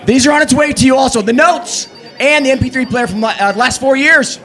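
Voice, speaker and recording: A man's voice: extremely high pitch, brisk, fairly bright tone, faint music behind. A man co-hosting a live stream, announcing prize winners in an upbeat, exclaiming way.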